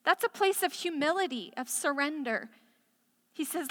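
A woman's voice: high voice, animated, normal speed, fairly bright tone, in a large hall. A woman preaching a sermon in a chatty, conversational storytelling way, full of casual asides.

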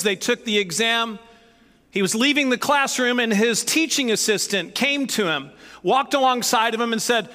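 A man's voice: extremely high pitch, in a large hall. A male pastor preaching a sermon in a church, joking and telling stories. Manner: jokey, animated, storytelling. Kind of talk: sermon with storytelling. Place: church sanctuary.

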